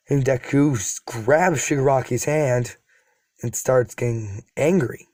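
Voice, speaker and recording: A man's voice: mid-range voice, slow, darkish tone, no room sound, studio quality. A man retelling a fan story in a casual, rambling way, with self-deprecating asides to his viewers. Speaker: YouTube storyteller.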